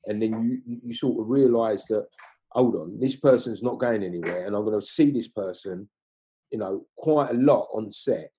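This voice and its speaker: This middle-aged film crew guest has a low, warm, slightly rough voice at normal speed. Chatting casually in an interview, he speaks loosely and asks "you know what I mean" after nearly every point.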